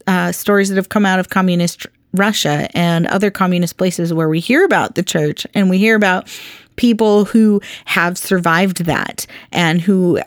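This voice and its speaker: A woman's voice: on the low side, no room sound, studio quality. A woman hosting a Bible teaching podcast, talking in a chatty, earnest way with lots of ums and restarts.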